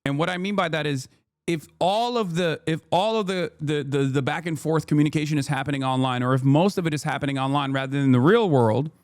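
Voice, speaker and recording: A man in his thirties rants through a live-stream news reaction, firing off rhetorical questions. His voice sits a bit high, and the sound is dry and close. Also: no room sound. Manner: fast, heated ranting with rhetorical questions.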